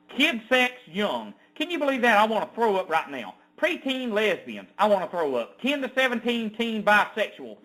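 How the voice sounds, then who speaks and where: A man ranting as an online news commentator, reading an article aloud with indignant, sarcastic outbursts that swing from loud to low. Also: low-quality recording.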